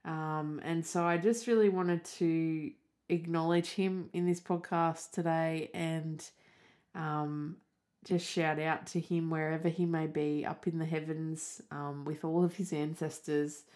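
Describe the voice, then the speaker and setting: A young woman with an Australian accent talks through a relaxed solo podcast. Her voice sits a little low, and she rambles along with plenty of "like" and "um" between her thoughts. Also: a little slow. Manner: chatty, rambling, peppered with "like" and "um". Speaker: podcast host. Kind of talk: casual solo podcast chat.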